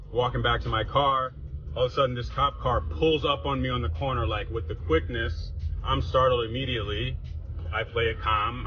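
A man's voice: mid-range voice, recorded from a distance, muffled recording, a little hiss or hum. A man from New York recounting a police stop while driving, speaking frankly and still rattled. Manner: nervous, then frank and rattled. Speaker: person stopped by police, then recounting it. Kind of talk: phone recording and driving vlog. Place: street, then in a car. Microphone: phone.

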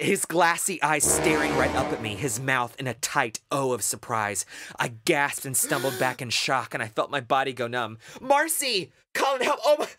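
A man narrating a first-person horror audiobook in an expressive, dramatic way. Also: medium pitch.

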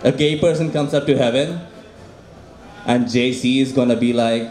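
A man's voice: medium pitch, moderate pace, pauses often. Man doing stand-up in an echoey room. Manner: repeats punchlines, crude and deadpan. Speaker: stand-up comic. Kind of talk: stand-up set. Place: small open mic venue.

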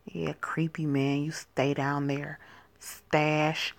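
A woman's voice: sits low, flat delivery, slow pace, creaky. A woman giving casual, joking commentary over a story game, with profane asides. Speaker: gaming channel host.

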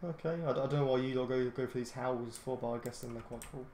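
British guy gaming, lots of ums, gets grumpy fast, echoey room, soft keyboard clicks. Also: mid-range voice, little pitch movement, slight background noise. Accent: British English. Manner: hesitant, full of ums and restarts; easily irritated, grumbling. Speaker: gaming channel host. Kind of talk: casual gameplay commentary. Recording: roomy echoey home recording.

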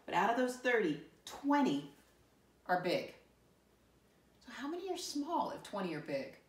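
A woman teaching a first grade lesson to young children, encouraging and upbeat, spelling words out slowly. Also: medium pitch, distant mic. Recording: echoey room, voice from off mic.

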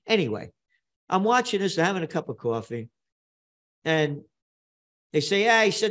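This interview guest is an older New Yorker with a medium-pitched, animated voice and a moderate pace. He tells his stories with blunt emphasis, repeating phrases to drive his points home.

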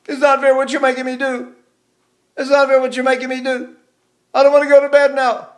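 A man's voice: very high-pitched, completely flat delivery, brisk, pitched above the performer's own voice. An older man voicing a sulky little child who whines nasally about being sent to bed. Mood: whining.

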